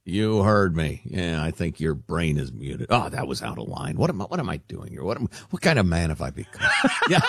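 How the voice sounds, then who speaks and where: Husky, joking man on talk radio. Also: low voice, very animated, dry recording, studio quality. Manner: joking, self-mocking, quick to laugh. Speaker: radio talk show co-host. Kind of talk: casual radio banter. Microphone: studio microphone.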